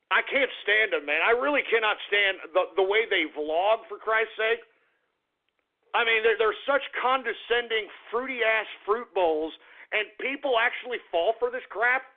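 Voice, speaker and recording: A male talk radio host rants in a profane, indignant ramble, with a high-set, gravelly voice. The sound is thin and tinny, like a phone line carried over the air. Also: a little slow. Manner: profane, rambling, indignant rant with repeated "man". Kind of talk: ranting talk radio monologue.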